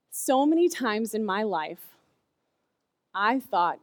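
A woman's voice: mid-range voice, unhurried, long pauses, no room sound, clean studio sound. A woman in her thirties giving a casual, chatty sermon to kids, telling stories with lots of "like" fillers. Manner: chatty, animated storytelling with "like" fillers. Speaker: youth speaker.

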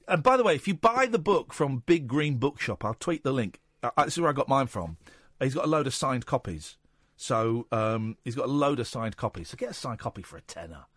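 A male radio host chatting on air in a studio, his slightly high voice swinging up and down a lot. He talks in an animated, jokey way and teases his guests. The studio mic sounds dry and close. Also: quick pace, slightly rough, no room sound. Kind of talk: casual radio chat. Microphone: studio microphone.

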